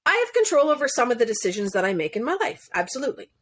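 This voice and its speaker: A woman's voice: on the high side, sing-song, rapid-fire, a bit bright. A woman coach, a podcast guest, talking in casual interview chat, earnest and explanatory, laughing now and then.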